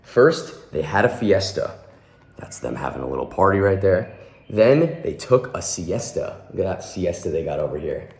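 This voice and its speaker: A man's voice: low voice, sing-song, normal speed. A young man volunteering at a children's hospital, reading a picture book aloud and adding friendly asides about the pictures. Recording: echoey room.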